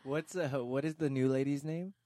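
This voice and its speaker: A man's voice: fairly high pitch, steady tone, normal speed, warm tone, no room sound, clean studio sound. A man interviewing his older grandmother in a casual chat, teasing her with jokes. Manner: teasing, joking prompts.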